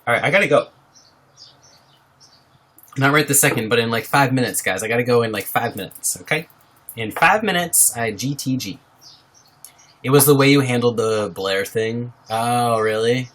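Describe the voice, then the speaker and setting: A man's voice: medium pitch, normal speed, pauses often, a bit bright. A man from Iowa chatting casually on a live stream, reading viewer comments aloud and answering them with frequent laughs. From Iowa, USA. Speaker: livestreamer.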